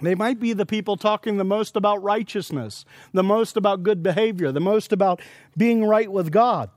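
A man's voice: high voice, moderate pace, a little mellow, no room sound, clean studio sound. A man preaching a sermon at a conference, earnestly explaining scripture with everyday examples. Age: adult with young children. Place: conference session.

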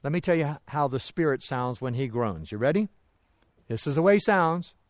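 A man's voice: animated, a little fast, no echo. Emphatic preacher man, dry close sound. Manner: emphatic rises and drops in pitch and volume; rhetorical questions to the congregation. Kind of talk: sermon.

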